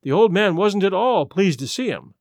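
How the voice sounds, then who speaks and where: A nervous young secretary, voiced by a man in an audiobook, talking in a jittery, hurried way. The voice is high, lively and dry. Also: no echo. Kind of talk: audiobook character voice.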